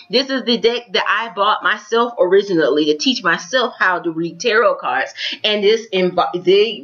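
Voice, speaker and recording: A woman with a Florida accent chats with her viewers while giving an upbeat, casual tarot reading to camera. Her mid-range voice has a fairly bright tone, though the recording is muffled.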